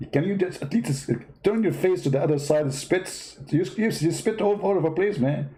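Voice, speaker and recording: A man's voice: high voice, moderate pace, hardly any pauses, mellow. A man from the Middle East hosting comic religious commentary in a sarcastic, mock-dramatic way. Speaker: host.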